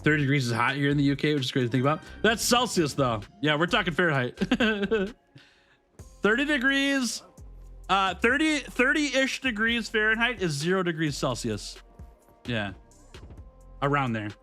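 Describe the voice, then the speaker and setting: A man in his thirties, a gaming streamer, chatting casually with his live viewers, upbeat and quick to laugh. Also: high-pitched, sing-song, sharp tone, soft background music.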